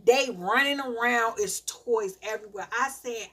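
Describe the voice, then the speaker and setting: A mother live-streaming, telling animated stories about her children in a casual rant and laughing often. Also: fairly high pitch, measured pace, hardly any pauses.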